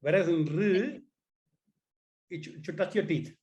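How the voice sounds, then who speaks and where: A man teaches an online class, his voice sitting a little high. He restarts phrases often and coaxes his students to repeat the sounds after him. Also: a little slow, a little mellow. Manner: repeats words, asks students to try sounds.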